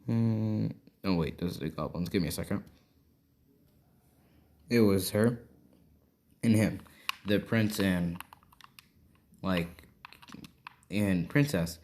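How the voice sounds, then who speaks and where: Slow, rambling male storyteller. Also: sits low, a little mellow. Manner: rambling, constantly checking in with "right?". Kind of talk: improvised fan-fiction storytelling.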